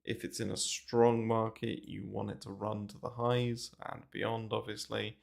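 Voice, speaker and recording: Low gravelly Englishman on a livestream. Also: flat delivery, measured pace. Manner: rambling, filler-heavy, swears casually. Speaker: crypto trading streamer. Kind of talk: casual livestream market commentary. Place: small bare room. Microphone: desk mic moved close to mouth.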